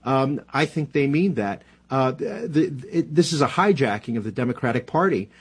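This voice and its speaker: Male guest commentator, husky, halting delivery full of fillers. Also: mid-range voice, animated. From New Jersey. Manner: halting, many fillers and restarts. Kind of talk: radio interview, casual analysis.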